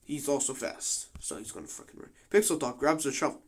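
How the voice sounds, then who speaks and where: A man's voice: medium pitch, expressive, brisk, creaky, a little hiss or hum. A young man giving casual commentary on a game simulation, slangy and full of swearing and joking asides.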